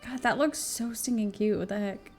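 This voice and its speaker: A woman's voice: a little high, normal speed, darkish tone, slightly rough, faint music behind. A woman streaming a game live, chatty and giggly, talking to her viewers and swearing now and then. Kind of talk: casual chat while gaming on stream.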